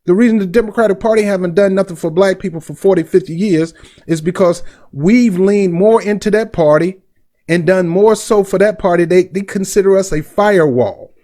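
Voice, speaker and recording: A man's voice: sits high, a little fast, warm tone. A middle-aged man hosting a commentary vlog, blunt and indignant, with street slang. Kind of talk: heated commentary.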